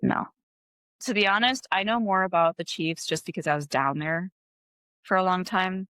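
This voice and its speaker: A woman's voice: on the low side, normal speed, fairly bright tone, dry recording. A woman from Wisconsin in her thirties, a guest chatting casually in an interview, laid-back and full of "like" fillers.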